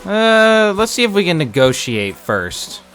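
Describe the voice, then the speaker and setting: A man's voice: high voice, very animated, measured pace, a bit bright, faint music behind. A man giving casual, chatty commentary over a video game playthrough, offhand and wry. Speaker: gameplay commentator.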